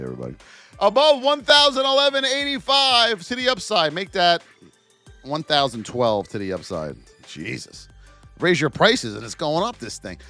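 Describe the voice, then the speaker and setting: High, lively, bright-voiced trading teacher. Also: male voice. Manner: excitable, playful, exclaims and laughs often. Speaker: trading educator. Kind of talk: live stock chart review.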